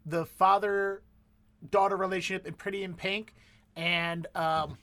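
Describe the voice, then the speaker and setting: A man's voice: sits high, flat delivery, measured pace, a bit bright. A man hosting a casual vocabulary segment, chatty and rambling with fillers. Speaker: podcast host. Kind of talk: casual comedic chat.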